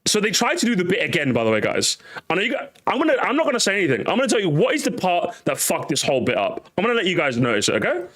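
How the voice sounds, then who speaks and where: Lively high-voiced male streamer, ranting. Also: very fast, hardly any pauses. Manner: animated, ranting, swears a lot. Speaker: streamer reacting to a podcast clip. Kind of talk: casual react stream commentary.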